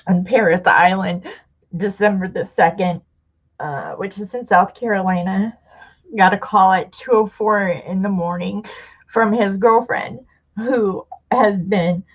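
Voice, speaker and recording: A middle-aged woman hosting a casual livestream chat with viewers, speaking in a heartfelt, halting way, on the edge of tears. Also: medium pitch. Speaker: livestream host. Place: home room with a table of craft supplies. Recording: dull lo-fi livestream audio.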